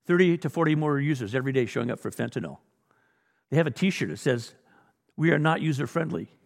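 Blunt gravelly male preacher in a hall. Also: mid-range voice, animated, fast. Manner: blunt, exhorting, rhetorical questions. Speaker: pastor. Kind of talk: sermon.

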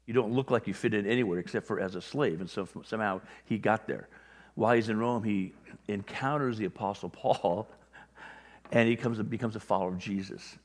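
Low-voiced male pastor in a reverberant hall. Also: fairly quick. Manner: conversational, acts out little quoted voices. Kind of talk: sermon.

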